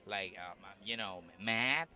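A middle-aged man with a Puerto Rican Spanish accent, a Spanish speaker talking English as a stand-up comedian being interviewed at a festival, animated and excitable. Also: slow pace. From Puerto Rico. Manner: animated, excitable, lively swings in pitch. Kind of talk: festival red-carpet interview. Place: busy festival event in New York.

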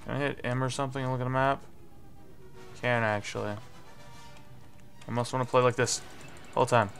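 A young man doing live gameplay commentary, swearing and getting frustrated, with sudden yelling bursts. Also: mid-range voice, fairly even intonation, a little fast, vocal fry. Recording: faint music behind.

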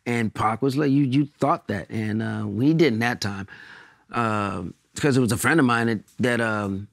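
Low-voiced male comedian guest, dry sound. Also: measured pace, vocal fry, dry recording. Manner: loose, rambling anecdotes. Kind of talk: casual interview chat.

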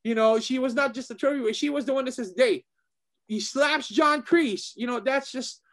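A man with a high-pitched voice chats casually as a co-host, animated and excitable. He tends to repeat phrases as he gets worked up, in the loose tone of a martial arts instructor. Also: fairly quick. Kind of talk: casual chat.

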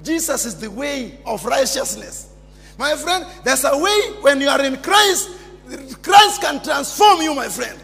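Kenyan male pastor, very high voice, shouting then hushed, long church-hall reverb. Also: very animated, unhurried, gravelly. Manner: fiery preaching, swings from shouts to near-whispers. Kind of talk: sermon.

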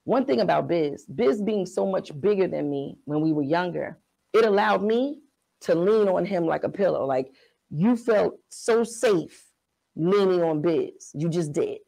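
A woman's voice: lowish voice, expressive, a little slow, gravelly, warm tone, rough recording. A woman, frankly telling a personal story as a podcast host in a profane, conversational way.

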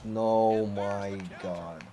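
A young man commenting on his own wrestling video game playthrough, often frustrated and yelling or swearing at the game. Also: lowish voice, fairly even intonation, drawn-out words, a little hiss or hum. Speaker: gamer recording a playthrough. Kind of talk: live gameplay commentary.

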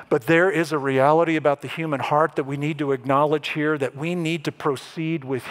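A man preaching a sermon as pastor, animated and dramatic, acting out the lines he quotes. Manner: animated, acts out quoted lines with rising pitch and emphasis.

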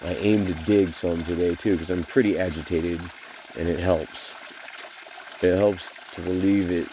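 A deep-voiced man in his forties delivers a bitter vlog rant that is thick with swearing. His voice sits very low. Faint running water trickles behind him. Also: fairly even intonation, normal speed, background noise. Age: 40s. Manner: bitter, profane ranting. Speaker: vlogger. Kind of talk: venting vlog monologue.

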